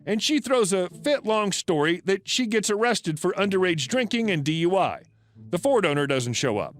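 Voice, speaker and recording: A man narrating a story in a dry, matter-of-fact scripted reading. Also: high voice.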